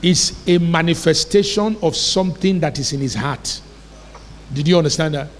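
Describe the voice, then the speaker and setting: A man preaches with emphatic conviction, repeatedly checking whether his congregation has understood him. His voice sits high for a man. The sound carries the long reverb of a church hall. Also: moderate pace, a little hiss or hum. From Nigeria. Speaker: pastor. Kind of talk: sermon.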